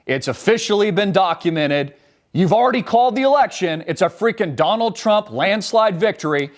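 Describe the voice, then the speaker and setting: A man's voice: high-pitched, lively intonation, normal speed. A man hosting a live political commentary show, fired up, blunt and swearing freely. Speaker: show host.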